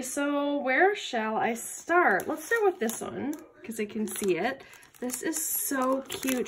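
A woman hosting an unboxing vlog at a craft table, gushing with excited exclamations over each item. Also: a little high, a little hiss or hum. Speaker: craft channel host.

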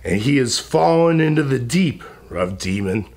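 A man's voice: mid-range voice, animated, moderate pace, darkish tone. Los, a furious proud god, as a man puts him on. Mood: defiant. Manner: defiant, declaiming. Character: furious proud male god, boastful and defiant.

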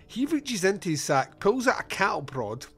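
A man's voice: high-pitched, sing-song, normal speed, fairly bright tone, husky, soft background music. A Scottish man in his forties hosting a casual movie review podcast, laughing often as he recounts scenes. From Scotland. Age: 40s. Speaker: podcast host.

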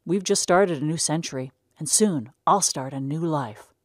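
A woman's voice: deep voice, moderate pace, no echo, studio quality. A woman voicing a restless young farm man who dreams aloud of escape and snaps impatiently. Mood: dreaming.

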